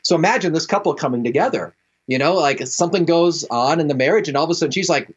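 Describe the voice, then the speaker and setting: Male radio guest, anecdotal and animated, slightly muffled sound. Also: on the high side, brisk, breathy edge. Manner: storytelling, acts out quoted voices, laughs often. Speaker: guest speaker. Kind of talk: relaxed radio interview talk.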